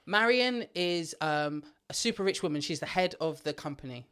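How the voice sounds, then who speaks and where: A woman co-hosting a podcast, retelling a story in an animated way and swearing freely. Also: lowish voice, normal speed, clear, resonant tone. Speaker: podcast co-host. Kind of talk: casual chat, storytelling.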